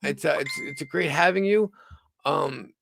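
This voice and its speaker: A tired man under the weather hosts a rambling live-stream news show from home, talking haltingly with many stumbles and restarts. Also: fairly high pitch, creaky, a bit bright, a little hiss or hum. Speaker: host of a livestreamed news show.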